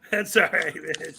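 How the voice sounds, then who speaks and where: A man with a slightly high, creaky voice laughs often and encourages his partner as they co-host a relaxed livestream chat over a call.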